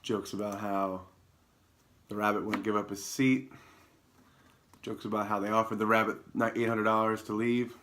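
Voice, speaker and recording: Rambling low-voiced man joking through news. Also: normal speed, pauses often, slight background noise. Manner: rambling, self-mocking, deadpan asides. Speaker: comedy show host. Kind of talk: improvised comedic news rundown. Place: alone in a room, talking to camera.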